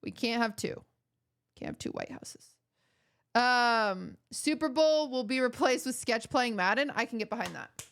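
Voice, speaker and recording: Young adult female streamer, casual joking chat with viewers, slightly high pitch. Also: unhurried, a bit bright. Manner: joking, rambling, mock-outraged.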